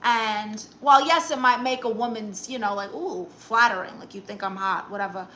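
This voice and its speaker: A woman's voice: fairly high pitch, normal speed, sharp tone, slight background noise, poor audio. A woman comedian hosting a casual live stream, reading viewer comments in a sassy, teasing, chatty way. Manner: breaks into exaggerated put-on quote voices.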